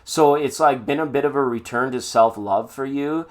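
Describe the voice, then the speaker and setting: A man's voice: medium pitch, normal speed. A man doing a live-stream tarot reading in a chatty, playful way with sing-song asides. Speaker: tarot reader.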